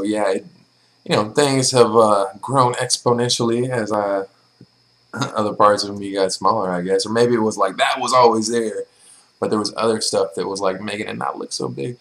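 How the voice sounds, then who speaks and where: A young man with a fairly bright, lowish voice and fairly even intonation answers viewer questions in a vlog at a normal speed, on a rough recording. He's casual and blunt, swears freely, and fills his speech with ums and likes.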